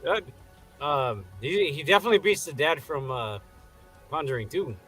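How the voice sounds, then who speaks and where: A man's voice: on the high side, very animated, normal speed, a bit bright, faint music behind. A man co-hosting a casual movie-review chat, joking and mocking the characters. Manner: jokey, mocking, jumps between voices. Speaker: podcast co-host.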